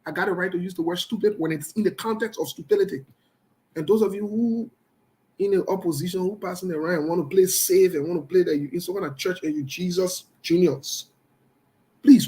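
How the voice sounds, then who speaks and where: A man's voice: high voice, warm tone. A man, hosting live online political commentary in a combative, scolding and emphatic way, speaking straight to his viewers.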